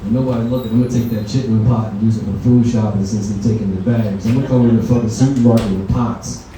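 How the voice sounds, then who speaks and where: A man's voice: fairly low pitch, steady tone, quick pace, dark tone, slight background noise. A man doing a stand-up comedy set, telling loose, profane stories in a conversational way. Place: comedy venue lounge, indoors. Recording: echoey room from far off.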